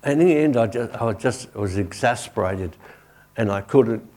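A man's voice: medium pitch, expressive, moderate pace, a little mellow. A male pastor giving a sermon and a prayer while kneeling, telling a story in a conversational way with frequent "you know".

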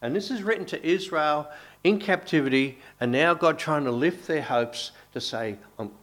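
A man's voice: on the high side, normal speed, fairly bright tone. A middle-aged man preaching a sermon in a conversational way, with asides and restarts.

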